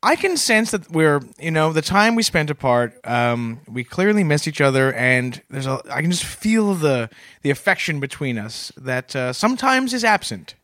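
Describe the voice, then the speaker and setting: Earnest, lively comedy podcast man. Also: a little high, normal speed, dry recording, studio quality. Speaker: podcast co-host. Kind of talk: deadpan comedic podcast banter.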